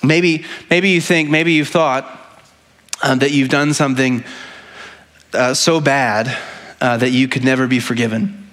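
A man's voice: medium pitch, steady tone, measured pace, pauses often, a bit bright. A male pastor giving a conversational sermon, earnest and often asking the congregation "right?". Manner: conversational, frequently asks "right?"; earnest, with repeated restarts.

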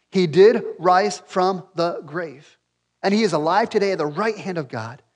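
A man's voice: high voice, fairly bright tone. A man preaching a sermon in an earnest way, repeating key phrases for emphasis. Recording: long hall reverb.

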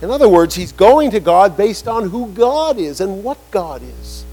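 High-voiced animated male preacher. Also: a little slow, few pauses, slightly rough, poor audio. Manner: animated preaching, acting out quoted voices, rising emphatic lines. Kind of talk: sermon.

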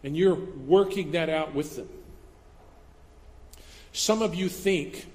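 Man, pastor, sermon, high voice, conversational and animated, long hall reverb. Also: slow pace. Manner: conversational, animated, acts out little quoted voices.

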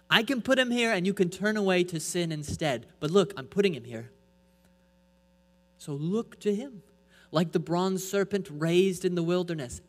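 A man preaching a sermon from the pulpit, pressing his point with rhetorical questions and swinging between loud and soft. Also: high voice. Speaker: pastor. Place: church. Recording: echoey hall with mains hum.

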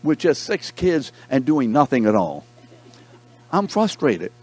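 A man's voice: mid-range voice, sing-song, unhurried, a little mellow, husky, soft background music, voice pushed up. A man voicing a grumpy middle-aged husband who complains indignantly that his dinner is late.

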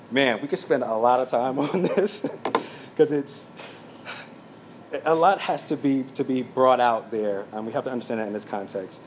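A man teaching a sermon from his notes, speaking plainly with frequent fillers and quick asides. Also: medium pitch, a little hiss or hum. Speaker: pastor.

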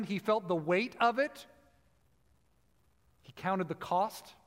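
High-voiced preacher in a reverberant hall. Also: male voice. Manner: teaching, emphatic with slow stressed phrases. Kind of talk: sermon.

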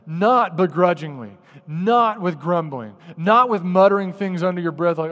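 High-voiced pastor preaching in a reverberant hall. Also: male voice, normal speed, hardly any pauses. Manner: animated, acts out grumbling voices. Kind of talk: sermon.

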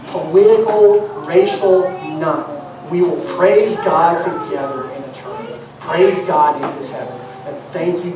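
Earnest preacher in a very echoey sanctuary. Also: mid-range voice. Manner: earnest, preacher-like, repeating phrases for emphasis. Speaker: pastor. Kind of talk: sermon. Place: church sanctuary. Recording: very echoey hall, mic far off, noisy.

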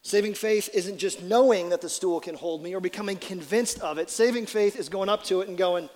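A man with a fairly high voice preaches a sermon from the pulpit. He moves between casual, lively asides and slow, weighty scripture reading, and his voice rings with the long reverb of a big hall. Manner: conversational, animated preaching with dramatic scripture reading. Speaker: pastor.

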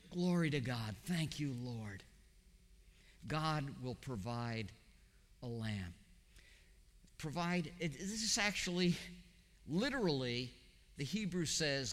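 A male pastor delivers his sermon at an unhurried pace, his voice bright and a touch high. He climbs to pointed questions, then drops low and soft. The sound carries a long reverb, as in a large hall. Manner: animated preaching, rising to high emphatic questions then dropping low and quiet.

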